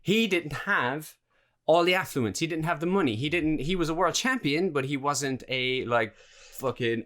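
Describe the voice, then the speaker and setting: A man's voice: a little high, lively intonation, moderate pace, fairly bright tone. A man hosting a podcast who rambles through a question in casual conversation, searching for words and swearing. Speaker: podcast host.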